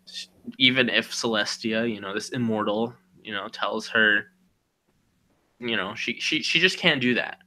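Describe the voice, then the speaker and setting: A man's voice: fairly low pitch, unhurried, pushed and bright. A man co-hosting a podcast, casually retelling a story with lots of "you know" and "like", acting out the characters' lines. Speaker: podcast co-host.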